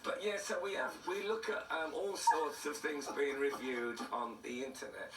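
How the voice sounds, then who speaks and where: A man's voice: on the high side, animated, normal speed. A man, a comedian telling dry, self-mocking stories in a casual interview, his voice throaty. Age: 60s. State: throaty, hoarse. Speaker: comedian guest. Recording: roomy studio heard from a distance.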